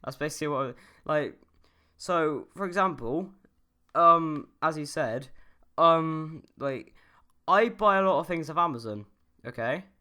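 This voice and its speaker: A man's voice: on the high side, animated, measured pace, pushed and bright. A young man from the UK giving a casual opinion rant as a YouTuber, rambling and swearing, with lots of fillers and restarts. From United Kingdom.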